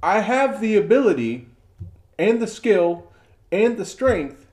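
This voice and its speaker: A middle-aged man co-hosts a relaxed podcast, speaking slowly in a high-pitched voice. He tells an example story and brings the quotes to life by acting them out with energy.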